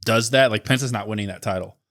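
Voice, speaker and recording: A man's voice: on the low side, fast, fairly bright tone. Man thinking aloud on a podcast. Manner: thinks aloud with restarts and hedging. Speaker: podcast co-host. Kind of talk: casual wrestling discussion.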